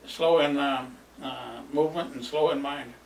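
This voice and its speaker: Here a gravelly, mid-range male voice moves at a moderate pace with fairly even intonation. The older storyteller recalls his younger days in a rambling oral-history style, chuckling and using many fillers. Recorded roomy and distant, it carries faint ambience and a little hiss or hum.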